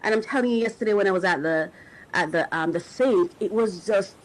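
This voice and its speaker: A middle-aged woman who hosts a podcast and works as a coach speaks to listeners about faith in a reflective, spiritual way. Her medium-pitched voice moves a little fast, and she sounds emotional and searching, often restarting as she hunts for words. The recording is rough.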